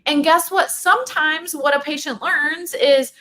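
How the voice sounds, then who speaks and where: A middle-aged woman talks through her clinical work in a loose, animated way. Her voice is bright and fairly high, and she keeps slipping into quoted back-and-forth dialogue. She fills her sentences with "like" and "you know.". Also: a little slow. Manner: animated, conversational, many fillers and quoted dialogue. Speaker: OCD clinician and program leader. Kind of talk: livestream Q&A talk.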